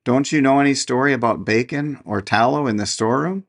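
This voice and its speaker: A man's voice: medium pitch, a little fast, close to an everyday voice. A man voicing scornful, blunt rats in a storybook reading.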